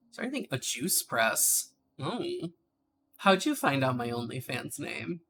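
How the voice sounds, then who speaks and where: A woman's voice: low voice, sharp tone, slight background noise. A woman streaming a game, chatting casually and joking with her viewers. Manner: chatty, joking, easily amused. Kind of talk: casual live-stream chat. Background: faint background music.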